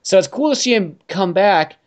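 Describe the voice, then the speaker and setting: Casual male podcast host with a fairly high voice, loose and profane, wanders through his points. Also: animated, normal speed. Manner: rambling, profane and joking. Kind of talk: casual chat.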